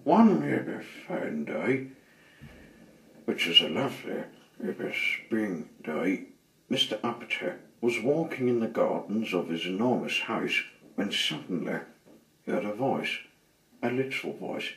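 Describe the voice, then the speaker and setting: A man reading a children's story aloud with dramatic pauses and expressive delivery. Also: lowish voice. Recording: roomy, slightly distant mic.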